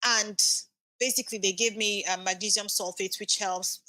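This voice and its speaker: Woman, 30s, podcast guest; bright, forceful voice, dry close sound, lively storyteller who voices every exchange. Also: medium pitch, moderate pace, no echo. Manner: animated, acts out quoted dialogue. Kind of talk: emotional storytelling.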